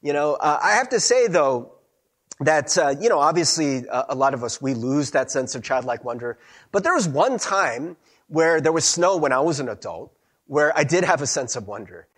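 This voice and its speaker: Lively, husky-voiced young pastor. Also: male voice, a little high, moderate pace. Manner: animated storytelling, chatty, laughs often. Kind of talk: sermon.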